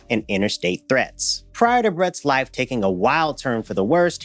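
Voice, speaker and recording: A man's voice: on the high side, dry recording. A man hosting a commentary video, narrating casually with sarcastic asides and laughter. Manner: sarcastic, laughs at his subject. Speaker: commentary channel host.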